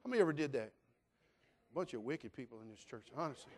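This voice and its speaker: An older man preaching a sermon in a church in an animated, joking, conversational way. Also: mid-range voice, quick pace. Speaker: pastor.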